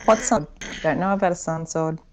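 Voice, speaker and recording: A woman's voice: sits low, moderate pace, a little hiss or hum. A woman playing in an online tabletop game, talking in a matter-of-fact way. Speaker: player. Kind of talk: casual game talk.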